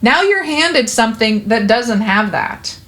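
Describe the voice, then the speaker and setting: A woman hosts a casual podcast, explaining child development in a chatty, earnest, reassuring way and peppering her speech with "like" and "you know." Her voice sits on the high side, fairly bright, with lively intonation and an unhurried pace.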